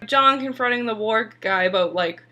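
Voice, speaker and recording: A woman's voice: a little high, normal speed, sharp tone, lo-fi sound. A young woman casually recapping a TV episode, chatty and full of "like" fillers, sometimes swearing. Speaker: TV episode reviewer.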